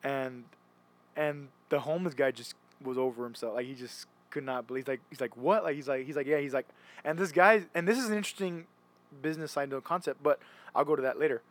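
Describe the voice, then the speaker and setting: A man's voice: medium pitch, fast talker. A young man chatting casually, rambling and restarting often as he retells stories. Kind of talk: casual chat.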